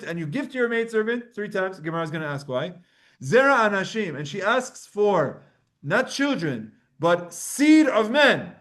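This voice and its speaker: Male Torah teacher with a high voice, giving a relaxed line-by-line lecture. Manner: reads Hebrew verses then translates and explains them casually. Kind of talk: Talmud class lecture.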